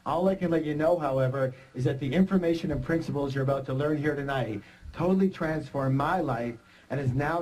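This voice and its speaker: A middle-aged man giving an energetic motivational seminar talk, joking and quizzing the audience. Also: fairly high pitch, low-quality recording. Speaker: seminar speaker.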